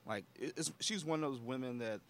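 A man from Maryland, a stand-up comedian, telling an anecdote in casual chat and mimicking others in a high voice. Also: brisk, slight background noise.

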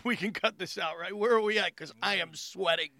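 A comedian hosting a casual chat, joking and laughing at himself. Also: male voice, sits high, a little fast, vocal fry, sharp tone, no room sound. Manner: laughing, self-deprecating banter.

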